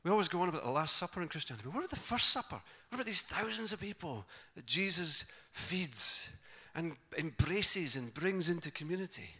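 Male preacher, bright forceful voice, animated storytelling with character voices. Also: a little high, a little fast, few pauses, breathy edge. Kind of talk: sermon.

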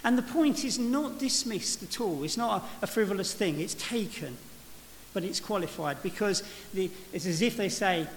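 A man's voice: high voice, animated, moderate pace. A man preaching a sermon in a church, speaking reflectively and often restarting his phrases. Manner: reflective, with frequent restarts and "you know". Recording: reverberant church hall with faint hiss.

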